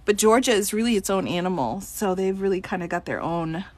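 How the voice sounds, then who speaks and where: A woman's voice: medium pitch, expressive, a little fast, no room sound. Giggly woman lawyer live-streaming Q&A. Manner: giggly, reads out chat questions and answers them. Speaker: attorney answering viewer questions.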